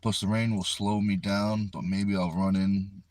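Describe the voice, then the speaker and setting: A man's voice: low voice, flat delivery, unhurried, a little mellow, no room sound. A man hosting a casual livestream from inside a car, talking into a phone propped on the steering wheel and reading viewer comments aloud in an easygoing, chatty way. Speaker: livestream host. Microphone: phone resting on the steering wheel.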